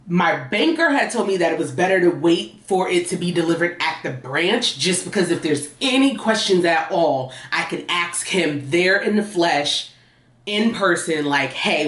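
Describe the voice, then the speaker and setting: A woman's voice: lowish voice, fairly bright tone, echoey room. Chatty young woman vlogging. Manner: chatty, addresses viewers as y'all and honey. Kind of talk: casual vlog talk to camera. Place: inside and around a car, outdoors in the city.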